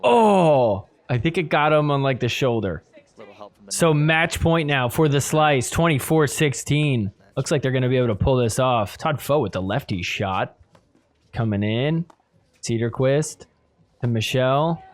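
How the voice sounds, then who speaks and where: A man hosting a podcast who reacts to sports clips with animated commentary, laughing often and putting on mock voices for the players. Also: mid-range voice, unhurried. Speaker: podcast host.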